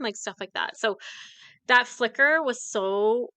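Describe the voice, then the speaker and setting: Woman on a podcast, kinda high voice, dry close sound, opening up about grief, emotional and close to tears, nervous little laughs. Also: normal speed, pushed and bright, dry recording. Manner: candid, tearful, speaks of grief with nervous laughs. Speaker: podcast co-host. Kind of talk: emotional casual podcast chat.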